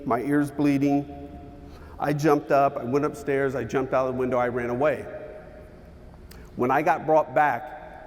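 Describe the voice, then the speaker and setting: A man giving a motivational keynote, telling a personal story with dramatic pauses and shifts in pace. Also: fairly high pitch, darkish tone, long reverb tail. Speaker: keynote speaker. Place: large hall with an audience.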